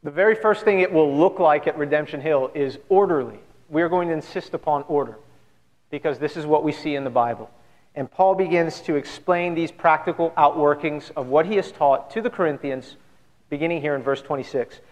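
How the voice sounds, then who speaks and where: A man's voice: a little high, brisk. A man pastor giving an earnest, conversational sermon full of rhetorical questions to his church. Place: church sanctuary. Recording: long church hall reverb.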